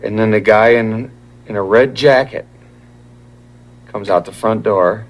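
Slow, very low-voiced hypnotized sergeant, halting speech. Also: male voice. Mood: dazed, recalling. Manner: halting, many filler pauses. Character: male police sergeant under hypnosis recalling a stakeout, hesitant. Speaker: police sergeant. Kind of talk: sitcom acting.

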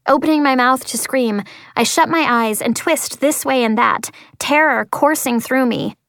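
A woman narrating a first-person story as an audiobook, expressive, slowing and softening at tense moments. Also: high-pitched, no echo, studio quality. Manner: expressive, slows for tense moments, drops to quiet tones.

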